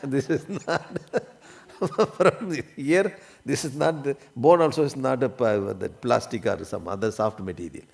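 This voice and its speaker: Man, spiritual teacher, discourse, keeps asking if listeners follow, medium pitch. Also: darkish tone. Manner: checks understanding often, coughs now and then. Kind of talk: religious discourse.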